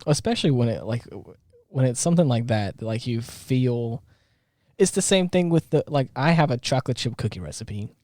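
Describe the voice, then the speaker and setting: A man's voice: mid-range voice, lively intonation, normal speed, darkish tone, dry recording, clean studio sound. A man co-hosting a podcast in casual chat, talking in a rambling way with many restarts. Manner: rambling, lots of fillers and restarts. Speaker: podcast co-host.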